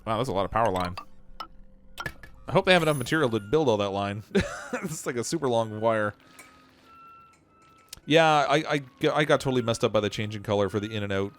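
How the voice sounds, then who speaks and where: A Canadian man streaming a game, thinking aloud and poking fun at his own messy builds. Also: on the low side. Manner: self-mocking, thinks aloud while building. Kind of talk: casual livestream commentary.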